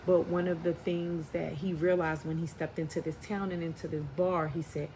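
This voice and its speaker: A woman's voice: fairly low pitch, level tone, moderate pace, few pauses, warm tone. A woman with a New York accent giving a heartfelt spiritual tarot reading to her viewers. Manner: heartfelt, preachy, addresses viewers as y'all and baby. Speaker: tarot reader. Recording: noisy home recording.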